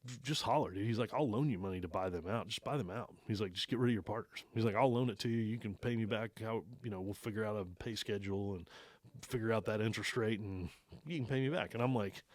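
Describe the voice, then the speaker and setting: A man's voice: fairly low pitch, quick pace, darkish tone, dry recording. A man who owns an archery shop, telling a story in a casual interview, laughing often and acting out the lines of the people he quotes. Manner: laid-back, laughs often, acts out quoted talk. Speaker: archery shop owner, guest.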